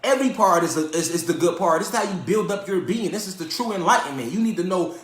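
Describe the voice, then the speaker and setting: A man's voice: high-pitched, lively intonation, quick pace, fairly bright tone, reverberant. A man giving a live-streamed lecture, profane, streetwise and emphatic, often tossing questions back at his audience. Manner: repeats rhetorical questions to the audience.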